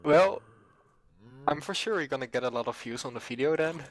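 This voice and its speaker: A woman's voice: low-pitched, lively intonation, brisk, dry recording. A woman playing a game with a friend, giving brief, hesitant replies with fillers. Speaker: fellow player. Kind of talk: casual gameplay chat.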